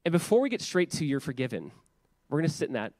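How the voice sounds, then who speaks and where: A man's voice: fairly high pitch, big pitch swings, quick pace, darkish tone, dry recording, studio quality. A man in his thirties preaching a church sermon in a casual, conversational way, often saying "like" and repeating words. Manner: conversational, repeats words, many filler 'like's. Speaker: pastor.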